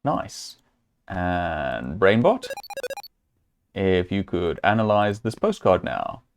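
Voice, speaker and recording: A man's voice: sits low, big pitch swings, takes it slowly, clear, resonant tone, soft background music. A man streaming a point-and-click adventure, chatting casually and thinking aloud as he works through puzzles, with amused chuckles. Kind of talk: casual let's-play commentary.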